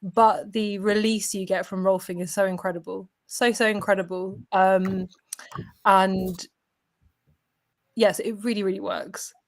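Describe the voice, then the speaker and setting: A woman in her thirties talks haltingly, full of ums and self-corrections, as a guest on a call. Her voice has an ordinary pitch for a woman. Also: level tone, creaky. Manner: hesitant, many fillers and restarts. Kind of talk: casual chat.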